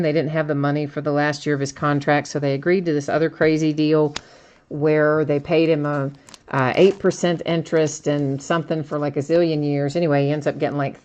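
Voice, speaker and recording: A woman's voice: low voice, a little mellow. A woman hosting a live card-break stream, chatting casually, laughing often and reading viewer comments aloud.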